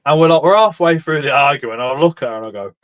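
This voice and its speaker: A man's voice: fairly high pitch, very fast, dry recording, lo-fi sound. Laughing, swearing man. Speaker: co-host of a live stream. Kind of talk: casual chat.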